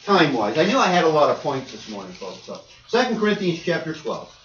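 A man's voice: on the high side, sing-song, a little fast, a bit bright, slight background noise. A man preaching a sermon to a congregation. He reads scripture aloud and raises his voice to press his points. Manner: raises voice, reads scripture, acts out quoted people. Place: church hall. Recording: roomy, distant, dull church audio.

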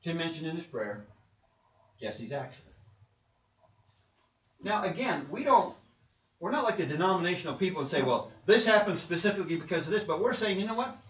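Brief: high-voiced male preacher, chatty sermon, heard from afar in an echoey church. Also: very animated, fairly quick, long pauses, a bit bright. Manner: conversational preaching with rhetorical questions. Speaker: pastor. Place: church sanctuary. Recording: roomy, distant, dull church recording.

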